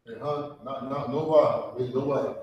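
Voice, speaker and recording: A man speaking as a student, quiet and unsure, asking to check his answers. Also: mid-range voice, fairly even intonation, measured pace, a little hiss or hum. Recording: far-off dull echoey line.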